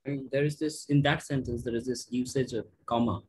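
A man's voice: medium pitch, steady tone, brisk, husky, no echo, low-quality recording. A man in a book club discussion, talking carefully about a sentence.

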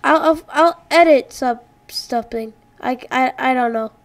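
A woman's voice: high-pitched, unhurried. A woman playing a frustrating game on camera, exclaiming and muttering at it. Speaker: let's play gamer.

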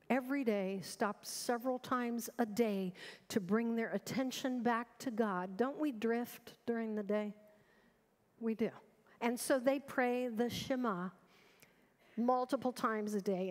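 High-voiced woman pastor preaching slowly. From United States. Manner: earnest, urgent emphasis with rhetorical questions. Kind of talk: sermon. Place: large church sanctuary. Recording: long reverb of a church hall.

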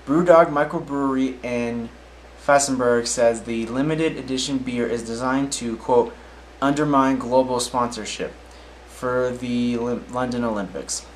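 A man's voice: mid-range voice, steady tone, unhurried, a little hiss or hum, rough recording. A man casually reading odd news stories aloud, often tripping over names, then adding his own offhand comments.

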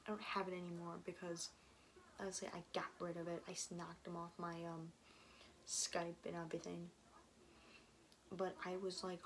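A woman's voice: mid-range voice, slight background noise. A young woman vlogger telling a story in a casual, rambling way, full of fillers and restarts, and now and then she drops to a whisper.

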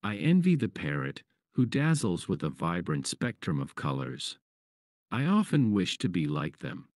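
A man's voice: deep voice, very animated, unhurried, a little mellow, no echo, clean studio sound. A man voicing a wistful, graceful swan. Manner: wistful, heavy-hearted.

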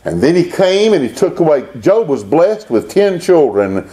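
Animated preacher man. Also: on the high side, normal speed, hardly any pauses. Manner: preaching with rising emphatic bursts and quoted scripture. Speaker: pastor. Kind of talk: animated Baptist sermon.

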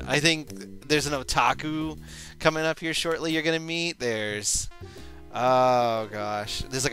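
A man's voice: medium pitch, bright, forceful tone, low-quality recording. A man giving rambling, self-deprecating commentary while playing a video game. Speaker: let's play commentator. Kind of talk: gameplay commentary.

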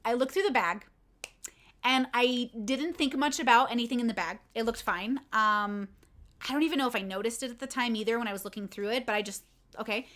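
A woman's voice: on the high side, brisk, a bit bright. A young adult woman casually telling a personal story on a livestream, candid and rambling with many fillers. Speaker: content creator and streamer.

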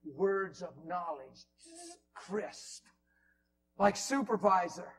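A man preaching in a church, telling a story with animated swings from loud bursts to near whispers. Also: high voice, moderate pace, a little hiss or hum, low-quality recording. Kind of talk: storytelling sermon. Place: church hall.

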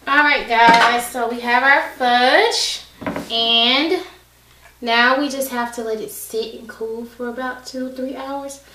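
A chatty woman with a fairly high voice talks her viewers through a recipe while out of breath. She sounds a little distant from the mic, and her home kitchen gives the voice a roomy echo. Pans and dishes clink softly behind her. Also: steady tone, slow, background noise. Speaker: cooking vlogger. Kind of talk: casual cooking demonstration.

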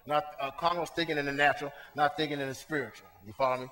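A male pastor preaching a sermon to his congregation, swinging between soft asides and shouted points, talking to them in a casual, colloquial way. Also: on the high side, fairly even intonation, rapid-fire, long reverb tail. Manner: colloquial, talks straight to the congregation. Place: church sanctuary.

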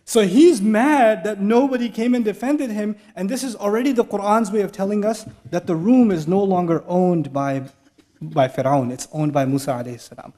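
High-voiced man giving an animated talk. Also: moderate pace. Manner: animated storytelling with humor and laughs. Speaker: speaker giving an Islamic talk. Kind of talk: lively lecture to a live audience. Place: large mosque hall.

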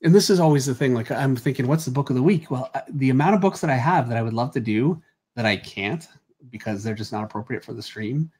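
A man's voice: mid-range voice, fast, husky. A man hosting a drawing livestream, chatting loosely and teasing his co-host with dry humor. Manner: relaxed, dry teasing, trails off mid-thought. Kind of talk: casual chat.

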